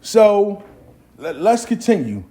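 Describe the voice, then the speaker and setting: A man hosting his own show, telling a story in a casual, profane, animated way and acting out the people he quotes. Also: high voice, slow, breathy edge. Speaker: host.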